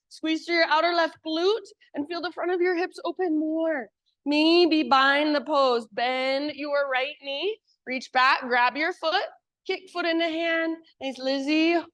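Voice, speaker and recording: A woman teacher guiding a live yoga class with calm, encouraging cues. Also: high-pitched, measured pace, dry recording.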